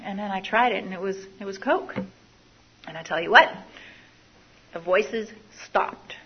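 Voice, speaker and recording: A woman's voice: mid-range voice, brisk, breathy edge, muffled recording. A woman telling her own life story to an audience, candid and confessional, often repeating phrases. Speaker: speaker sharing a recovery story. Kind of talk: personal testimony to an audience.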